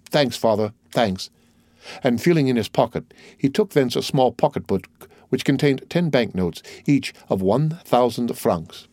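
Man reading an old novel aloud, steady, mid-pitched, dry close mic. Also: moderate pace, dry recording. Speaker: audiobook narrator. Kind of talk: scripted narration.

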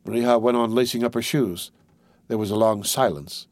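In clean studio sound with no room sound, a man with a mid-range voice gives a steady, measured audiobook reading.

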